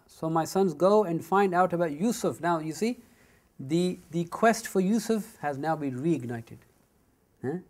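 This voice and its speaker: This man's voice is a touch high, expressive and darkish in tone. During a Quran commentary lesson, he recites Arabic verses at speed and follows with English explanations full of asides.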